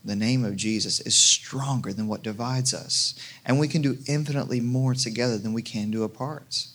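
A pastor preaching a casual, conversational sermon with jokes and frequent restarts. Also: male voice, lowish voice, creaky, fairly bright tone. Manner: conversational, jokey, many restarts.

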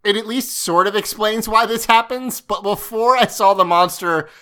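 A podcast co-host with a mid-range, fairly bright voice chats casually at a moderate pace while recapping a scene from an episode. She rambles and swears as she goes.

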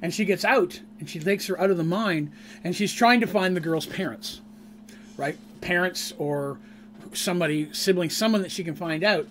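A man recaps a tabletop adventure he ran, rambling and animated as he tells it. His voice sits somewhat high, with a faint hum under the recording. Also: moderate pace. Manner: animated, rambling, laughs at his own story. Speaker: game master. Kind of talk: casual storytelling recap of a tabletop game.

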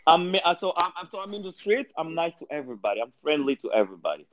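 French-accented man telling lively stories. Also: fairly high pitch. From Angola. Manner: animated, laughing, halting restarts. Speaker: guest. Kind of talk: casual storytelling chat.

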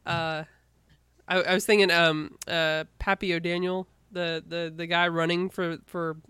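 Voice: medium pitch, level tone, sharp tone, clean tone, no echo. Co-host, casual chat, stop-start delivery, dry close mic. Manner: halting, lots of fillers and restarts. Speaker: podcast co-host.

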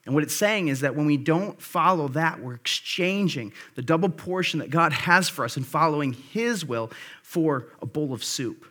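A man's voice: fairly high pitch, expressive, moderate pace, a bit bright. A man preaching a sermon, reading scripture aloud and paraphrasing it in a casual, conversational way. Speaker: pastor.

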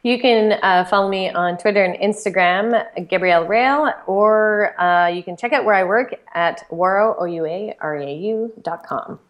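A woman's voice: medium pitch, moderate pace, hardly any pauses, dull audio. A woman co-hosting a podcast, chatty and enthusiastic, with lots of filler words as she recaps. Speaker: podcast co-host. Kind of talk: casual podcast chat.

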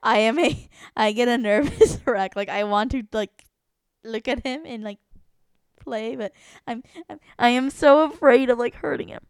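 Young woman, nervous rambly co-host; smooth clean voice, dry close sound. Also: fairly high pitch, normal speed, no room sound. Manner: anxious, self-deprecating, rambling with fillers. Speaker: podcast co-host. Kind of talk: casual chat.

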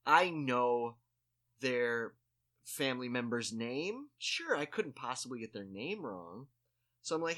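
A man with a bright, forceful voice tells an awkward story in a relaxed chat. He rambles and restarts his sentences, stuffs them with "like", and makes fun of himself as he goes. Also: medium pitch, a little slow. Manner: rambling, full of "like" and restarts, self-mocking. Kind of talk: casual chat, telling a story.

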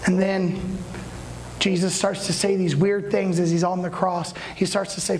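A man preaching, retelling a story with dramatic swings from hushed lines to shouts and speaking straight to his listeners. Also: high voice, fairly even intonation, a little slow, slight background noise. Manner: addresses listeners directly. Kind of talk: sermon storytelling.

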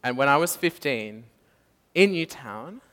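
Young aussie guy telling his testimony at church, bright forceful voice, lots of playful voices and laughs, hall echo behind him. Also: medium pitch, a little slow. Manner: animated storytelling, acts out quotes, laughs often. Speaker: preacher. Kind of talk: testimony sermon. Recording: echoey hall.

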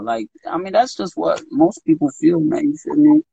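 Animated young man telling stories. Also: on the high side, normal speed, creaky, breathy edge, dull audio. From DMV area of the US. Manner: animated storytelling with put-on quoted voices. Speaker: podcast co-host. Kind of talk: casual chat.

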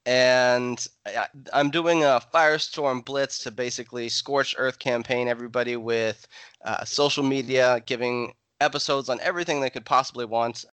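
A man's voice: mid-range voice, fairly even intonation, normal speed, a bit bright, smooth, no echo. A man hosting a casual podcast chat, upbeat and playfully hyping up his guest. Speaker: podcast host.

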